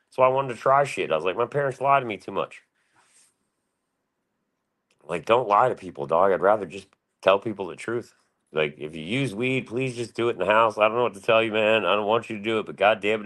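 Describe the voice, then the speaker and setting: A man's voice: on the low side, a little fast, a bit bright. A man around forty talking in a loose, rambling, profane way on a casual chat stream. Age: 40s. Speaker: panel guest.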